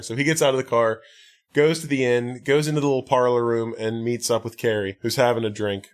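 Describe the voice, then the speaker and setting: A man's voice: mid-range voice, fairly even intonation, brisk. A man hosting a podcast, casually retelling a film's plot with many restarts and filler words. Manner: rambling recap, many likes and restarts. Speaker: podcast host. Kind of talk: casual movie recap chat.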